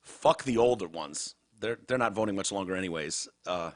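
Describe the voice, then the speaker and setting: A man's voice: sits low, moderate pace. A man with a Midwestern American accent hosting a casual podcast, talking bluntly and sarcastically with plenty of swearing. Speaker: podcast host. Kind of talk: casual talk-show banter.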